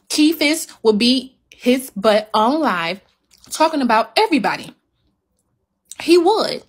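A woman's voice: a little high, breathy edge. Heated woman ranting on a livestream. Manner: heated, emphatic, repeats her points. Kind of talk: livestream rant to viewers.

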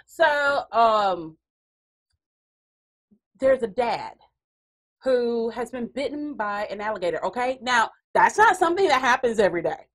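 Lively, laughing woman podcast host. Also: fairly high pitch, unhurried, long pauses, low-quality recording. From Texas. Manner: animated, laughing storyteller. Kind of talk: casual chat.

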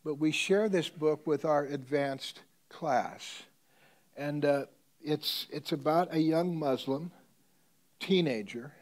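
A man preaching a sermon as a pastor, telling a story and swinging between loud emphasis and hushed tones. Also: fairly high pitch.

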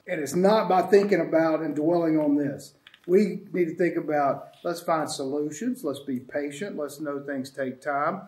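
A man's voice: on the high side, normal speed, a little mellow, echoey room. A man hosting a casual spiritual talk, rambling and reflective in an easygoing way. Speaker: host. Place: sanctuary room with friends.

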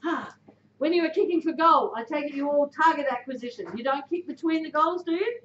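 A woman's voice: high-pitched, brisk, fairly bright tone, slight background noise. Aussie woman giving a team talk, straight to the point, echoey room. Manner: direct, blunt, punchy coaching delivery. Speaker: speaker addressing a football team. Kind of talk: motivational talk. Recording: echoey room, dull lo-fi sound.

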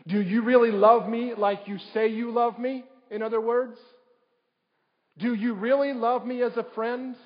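A male pastor preaches from the pulpit and keeps asking his listeners questions. His voice sits high for a man. The sound is dull and lo-fi, and it rings out in a reverberant sanctuary. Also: steady tone, a little slow. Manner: preaching with rhetorical questions to the congregation. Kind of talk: sermon. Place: church sanctuary. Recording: dull livestream audio in a reverberant church.

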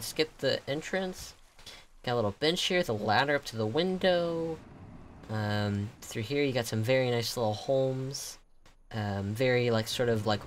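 A young man giving casual game commentary as he reviews players' builds, excitable and gasping, with lots of ums and likes. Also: mid-range voice, slight background noise.

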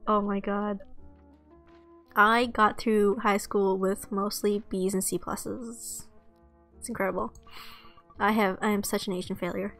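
A woman's voice: medium pitch, level tone, a little slow, pauses often, a bit bright, soft background music. A woman streamer playing a visual novel, chatting and gushing with exclamatory reactions. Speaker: let's play streamer. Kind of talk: reacting while reading a visual novel aloud.

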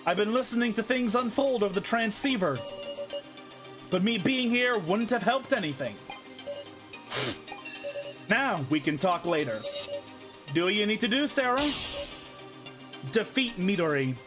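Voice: medium pitch, lively intonation, measured pace, pauses often, natural voice. Streamer doing chill guy who just showed back up, wry and easy, game music under it. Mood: easygoing.

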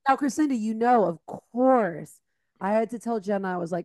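Woman co-host, casual and lively; dry, close recording. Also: a little high, normal speed, no room sound. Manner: lively storyteller, acts out quotes. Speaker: podcast co-host. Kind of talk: casual chat.

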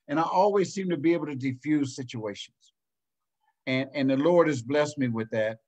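A man's voice: fairly high pitch, moderate pace, darkish tone, highs cut off. A man from Ohio, a basketball coach and program director, telling a story in a casual panel talk with a folksy, earnest manner, acting out what people said. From United States. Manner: folksy, earnest, acts out quoted lines.

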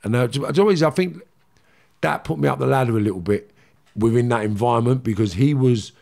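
A man's voice: medium pitch, fast talker, creaky, a little mellow. A middle-aged man with a London accent, a podcast guest telling stories in casual talk, swearing freely and acting out what other people said. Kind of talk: casual storytelling.

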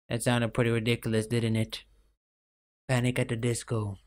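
A man's voice: mid-range voice, completely flat delivery, normal speed, long pauses. A young man giving rambling, self-mocking commentary over a game late at night, full of fillers, his voice cracking now and then. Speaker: gaming YouTuber.

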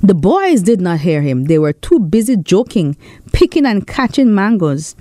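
A woman with a St. reading a children's story aloud in an expressive storytelling voice. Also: lowish voice, moderate pace, dry recording. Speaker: storyteller and author. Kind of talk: storybook narration.

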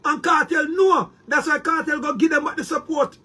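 High-pitched Jamaican man ranting. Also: fairly even intonation, moderate pace, sharp tone. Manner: boastful, heated, addresses viewers as people; repeats words and restarts often. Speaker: online commentator. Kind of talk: ranting monologue to viewers.

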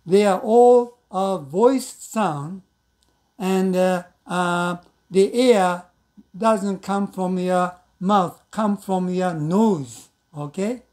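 A woman whose first language is Japanese gives a patient pronunciation lesson at an unhurried pace. Her voice is soft and mellow, and she breaks up her explanations with fillers. She hums drawn-out nasal sounds and repeats example words slowly so learners can copy them. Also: lowish voice. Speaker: English pronunciation teacher. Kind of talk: slow pronunciation lesson with demonstrations.

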